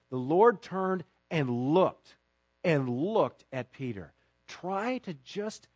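Man preaching a dramatic sermon. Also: medium pitch. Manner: dramatic, acts out voices in the story. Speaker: pastor. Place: church sanctuary.

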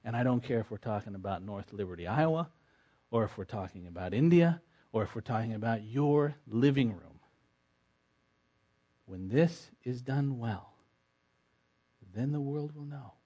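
A man preaching with strong emphasis, dropping into hushed, low lines and then climbing to loud, pressing declarations. His voice sits at an ordinary middle pitch between the swings. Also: lively intonation, moderate pace, long pauses, husky. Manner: emphatic, swings from soft to forceful. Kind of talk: sermon.

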